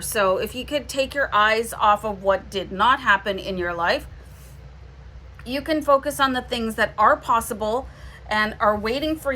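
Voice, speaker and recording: A woman's voice: fairly high pitch, bright, forceful tone, slight background noise. Reassuring Canadian woman reading tarot. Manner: reassuring, often ending with "okay?". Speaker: tarot reader. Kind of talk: casual tarot reading to camera.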